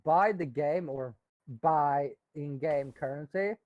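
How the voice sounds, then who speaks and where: A man's voice: fairly high pitch, slow. A man co-hosting a live stream, chatting casually about games, hesitant and restarting phrases while pushing back on points. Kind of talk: casual gaming chat. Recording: dull, dry lo-fi mic.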